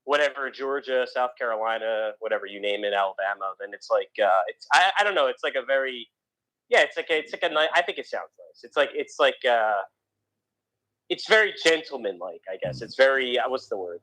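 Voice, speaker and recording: A man's voice: medium pitch, expressive, a little fast, sharp tone, rough recording. A man from the US East Coast with a slight Philadelphia accent, co-hosting a casual podcast chat with frequent restarts. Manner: rambling, restarts often, opinionated. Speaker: podcast co-host.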